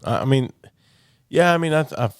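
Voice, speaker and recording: A man's voice: mid-range voice, expressive, normal speed, clear, resonant tone, dry recording, clean studio sound. A man co-hosting a podcast, laid-back and sardonic, mostly chiming in with short agreements. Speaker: podcast co-host. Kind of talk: casual podcast chat.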